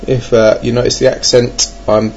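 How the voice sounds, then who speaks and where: A man's voice: mid-range voice, little pitch movement, moderate pace, a little mellow, breathy edge, faint music behind. An English man giving a rambling, self-mocking monologue about his gaming plans, with lots of hesitations. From England. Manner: wry, self-mocking, hesitant with many ums. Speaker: board game vlogger. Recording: dull lo-fi recording with faint noise.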